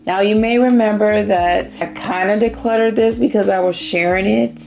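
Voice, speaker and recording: A middle-aged woman from Indiana chatting casually about perfumes on her vlog, savoring each scent in drawn-out phrases. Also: medium pitch, steady tone, creaky, darkish tone, faint music behind. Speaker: fragrance vlogger.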